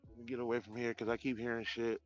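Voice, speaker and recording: A man live-streaming outdoors at night on his phone, chatting in a rambling, profane, animated way. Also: mid-range voice, quick pace, lo-fi sound, soft background music. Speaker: livestreamer. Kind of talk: casual live-stream chat.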